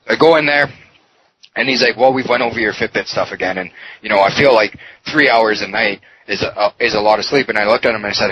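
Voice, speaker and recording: A man's voice: on the low side, a little fast. A man recounting a heated story in a podcast interview, swearing often and acting out the dialogue. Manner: heated, profane retelling with quoted dialogue. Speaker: podcast guest. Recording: dull lo-fi sound with faint noise.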